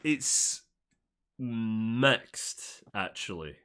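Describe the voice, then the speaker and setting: A man's voice: on the low side, expressive, drawn-out words, bright, forceful tone, clear, resonant tone. A man running a tabletop game as game master, improvising and rambling with lots of "like".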